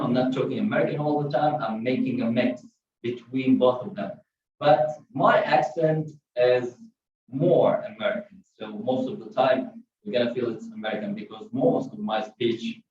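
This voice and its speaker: A man's voice: mid-range voice, darkish tone, a little hiss or hum. Man teaching in an echoey room. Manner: plain, repetitive explanations with frequent fillers. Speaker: English teacher. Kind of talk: spoken English lesson. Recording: distant, echoey, dull-sounding room recording.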